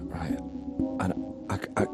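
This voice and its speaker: A man's voice: slow, over loud music. A man rambling through a comic monologue, stammering and swearing a lot.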